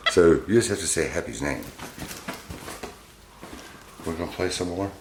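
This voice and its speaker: Host: deep-voiced man, doting and chuckly with his pets, roomy home room. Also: unhurried, noisy background. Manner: doting, chuckling, softens to cooing. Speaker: pet owner and channel host. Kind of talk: casual vlog narration to pets.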